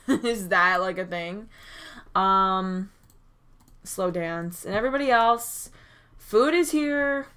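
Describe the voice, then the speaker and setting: A woman giving chatty, excitable commentary over a life-sim game, recorded on a desk mic at her computer. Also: mid-range voice, takes it slowly, pauses often, smooth. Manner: chatty and excitable, frequent "oh my gosh" and small gasps. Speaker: gaming YouTuber. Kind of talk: casual gameplay commentary.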